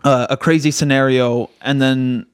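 Mid-pitched pastor, reflective casual co-host, dry close mic. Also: male voice, steady tone, moderate pace, smooth, no room sound. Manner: thoughtful, hesitant restarts, talks through ideas.

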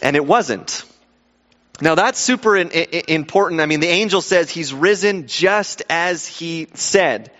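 A man preaching a sermon in a lively, conversational way, acting out the people in the story. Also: a little high, a little slow. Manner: animated, conversational, acts out quoted voices. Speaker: pastor. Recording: dull sound with long hall reverb.

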